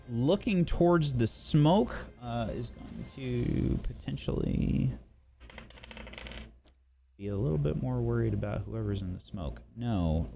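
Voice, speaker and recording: A man narrating and running a tabletop game as game master, unhurried and full of fillers. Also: fairly low pitch, vocal fry, dark tone.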